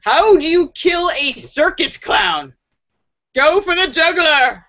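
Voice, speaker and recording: A woman hosts a casual live stream and reads viewers' jokes at an unhurried pace, giggling along the way. Her voice is bright and a little high. The sound is dull and lo-fi. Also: animated. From United States.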